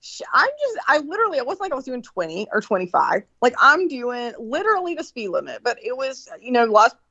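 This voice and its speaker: Profane animated woman, lo-fi dry sound. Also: on the high side, fast, dry recording. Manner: profane, animated, many fillers and restarts. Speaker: guest recounting a story. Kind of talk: casual storytelling chat.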